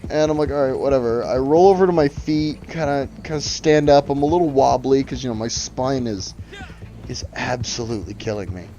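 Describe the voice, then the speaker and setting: A man's voice: mid-range voice, a little fast, mellow, highs cut off. A man streaming a game, telling a long story in a casual, profane, rambling way over his mic. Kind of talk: casual gaming chat.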